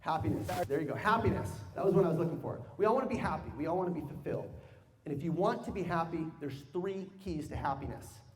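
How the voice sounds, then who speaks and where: Man, fairly high voice, storytelling keynote, long hall reverb, audience prompts. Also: fast. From United States. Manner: animated, humorous, asks audience to call out. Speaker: sales speaker.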